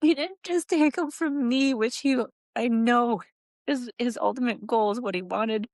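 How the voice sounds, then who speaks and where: A middle-aged woman tells a painful personal story in a halting way. She repeats phrases, and her voice climbs high when she relives moments. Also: darkish tone, no echo, clean studio sound. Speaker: guest, grieving mother.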